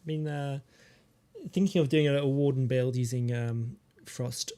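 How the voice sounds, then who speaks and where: A man's voice: mid-range voice, steady tone, moderate pace, mellow. Chatty man streaming games. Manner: chatty, joking. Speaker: game streamer. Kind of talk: casual gameplay commentary.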